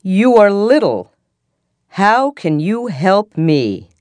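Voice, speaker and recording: A woman voicing a big, proud lion in a story read for learners, speaking slowly and plainly. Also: mid-range voice, big pitch swings, a little mellow, no room sound, voice pushed up. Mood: amused. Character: big proud lion, amused then kind. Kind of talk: slow story reading for learners.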